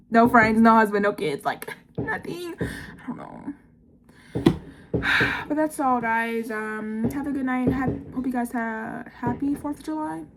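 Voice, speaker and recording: A nineteen-year-old woman in a casual confessional vlog, talking fast and rambling with lots of "like" and "I don't know.". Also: a little high, very noisy. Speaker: vlogger.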